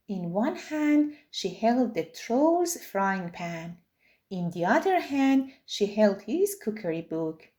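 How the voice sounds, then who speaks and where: A woman reading a children's picture book aloud with expressive storytelling. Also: medium pitch, slow pace. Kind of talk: children's read-aloud narration.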